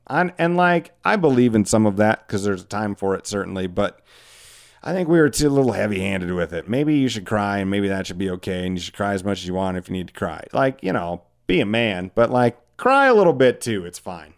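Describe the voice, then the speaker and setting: A man's voice: on the low side, lively intonation, brisk. A man in his forties hosting a podcast, talking in a rambling, candid, self-deprecating way with lots of filler words. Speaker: podcast host. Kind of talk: casual monologue.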